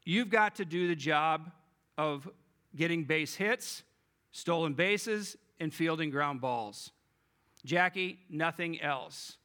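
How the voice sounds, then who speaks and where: Casting: a man doing a stern baseball manager, emphatic, bright and pushy. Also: on the high side, takes it slowly. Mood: challenging. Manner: emphatic, testing questions.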